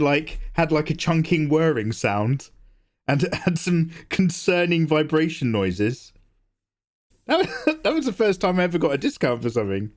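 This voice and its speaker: A man's voice: fairly high pitch, sing-song, normal speed. A young man hosting a live drawing stream, chatting casually, joking, swearing and answering chat as he draws. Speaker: livestream host, artist.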